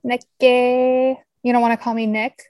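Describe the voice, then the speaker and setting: A woman's voice: on the high side, little pitch movement, measured pace, a little mellow. A woman co-hosting a podcast in casual chat, giggly and rambling, poking fun at herself. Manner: giggly, rambling, self-deprecating. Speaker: podcast co-host.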